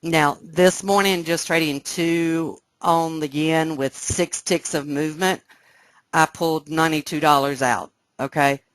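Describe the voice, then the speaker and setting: A woman teaching a live trading webcast, explaining step by step and often checking that listeners follow, sounding excited. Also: deep voice, a little slow, dry recording. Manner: excited, animated. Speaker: trading instructor. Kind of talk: live trading room lesson.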